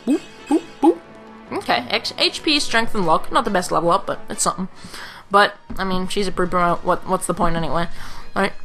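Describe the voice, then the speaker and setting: Young woman, game commentary, casual, rambling, bright voice, faint game music. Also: lowish voice, a little fast. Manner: casual, rambling, with filler sounds. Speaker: let's play host.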